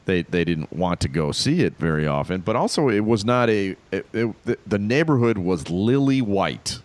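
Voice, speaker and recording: A man co-hosting a casual comedy podcast, telling stories in a wry, animated way. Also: on the low side, moderate pace, no room sound. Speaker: podcast co-host.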